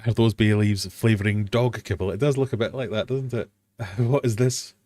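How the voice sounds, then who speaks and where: British male stream host, lowish voice, jokey quizmaster, dry recording. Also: fairly even intonation, moderate pace, a little mellow, no echo. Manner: playful, jokey, laughs at himself. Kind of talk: casual quiz chat. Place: home fish room.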